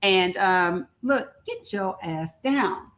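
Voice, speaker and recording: A woman's voice: mid-range voice, animated, slow, fairly bright tone. Woman host, older, candid live-stream chat, outspoken and folksy. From rural American South. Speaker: livestream host.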